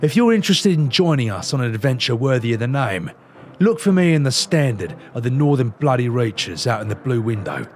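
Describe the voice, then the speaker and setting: A man voicing a gruff, swaggering male sky pirate captain who swears freely and talks in rough slang, over a game's cutscenes. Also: mid-range voice, sing-song, brisk, faint music behind, pitched below the performer's own voice, lightly acted.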